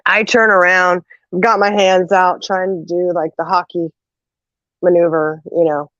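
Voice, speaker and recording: Lively woman telling family stories. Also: lowish voice, measured pace, no room sound. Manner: animated, laughs often, acts out quotes. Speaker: host. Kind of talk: casual storytelling chat. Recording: dull lo-fi audio.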